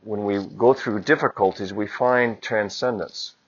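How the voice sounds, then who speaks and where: A priest giving a conversational homily, building to moments of emphasis. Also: male voice, on the low side, measured pace, lo-fi sound. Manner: conversational preaching with rising emphasis. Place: church.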